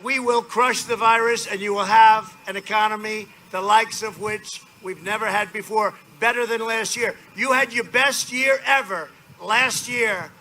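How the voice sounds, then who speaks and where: A man's voice: high-pitched, steady tone, a little slow, hardly any pauses, sharp tone. A man speaking at an outdoor political rally, rambling, boastful and repetitive. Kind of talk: campaign rally speech. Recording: noisy outdoor rally recording.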